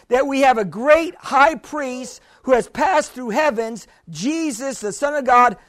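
A man with a very high voice delivers an emphatic sermon, urging and questioning his listeners. The sound is dry and close, with no room around it. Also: no echo. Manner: preachy, emphatic, call-and-response. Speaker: pastor.

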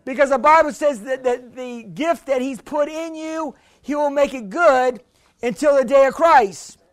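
A man's voice: extremely high pitch, unhurried, no room sound. A man preaching a sermon as pastor, emphatic and urging, with call-and-response questions to the congregation.

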